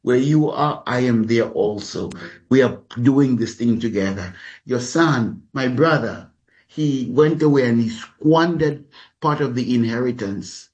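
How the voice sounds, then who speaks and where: A man's voice: medium pitch, a little slow, darkish tone, highs cut off, close to an everyday voice. A man preaching who voices a resentful grown older son, complaining indignantly to his father in a raised voice. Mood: aggrieved. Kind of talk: sermon storytelling.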